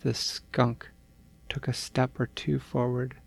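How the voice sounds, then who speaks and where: A man reading a bedtime story aloud in a gentle, unhurried storytelling manner. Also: medium pitch, flat delivery, vocal fry.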